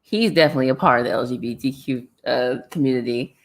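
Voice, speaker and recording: A woman with a notably low voice hosts a loose, casual livestream chat and answers her viewers' comments. She talks in an animated way, breaks into laughter often and repeats phrases for effect. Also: quick pace.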